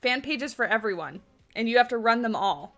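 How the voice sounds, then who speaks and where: A woman's voice: fairly high pitch, animated, brisk, a bit bright, soft background music. A woman hosting a game livestream, chatting casually with her viewers, answering their questions and laughing often. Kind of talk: casual livestream chat while building in a game.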